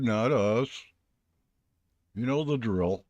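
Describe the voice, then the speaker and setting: A man's voice: medium pitch, slow pace, darkish tone, dry recording, lo-fi sound. A man hosting a live stream, talking in a rambling, folksy, chatty way. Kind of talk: casual live stream chat.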